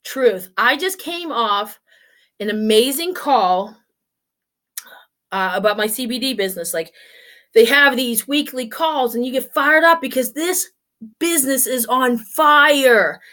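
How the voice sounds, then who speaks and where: A woman's voice: high-pitched, animated, measured pace, pushed and bright. A woman in her forties talking casually to camera, blunt and swearing freely as she tells stories. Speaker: vlogger.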